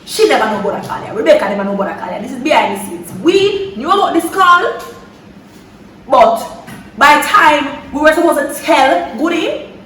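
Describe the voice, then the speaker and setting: A young woman from Jamaica with a Jamaican accent, telling a story in a lively, dramatic way with patois slipping in. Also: sits high, normal speed, reverberant, recorded from a distance, a little hiss or hum, low-quality recording. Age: young adult. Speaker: vlogger. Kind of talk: storytime chat.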